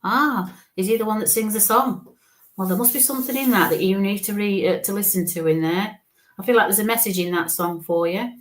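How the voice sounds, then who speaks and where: A woman giving a live psychic reading in a gentle, reassuring way, often checking in with "okay?". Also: mid-range voice, a little fast. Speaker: psychic medium.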